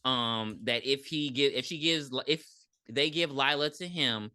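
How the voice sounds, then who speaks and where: A woman co-hosting a podcast, recapping a movie in blunt, profane, animated casual chat. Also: rumbling low, unhurried, clean tone, no echo, clean studio sound. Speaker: podcast co-host.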